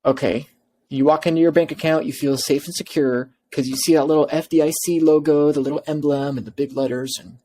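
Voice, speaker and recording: A man, an adviser, delivering an impassioned monologue, emphatic and repeating himself with quick restarts. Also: on the high side, steady tone, dark tone. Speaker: bitcoin adviser.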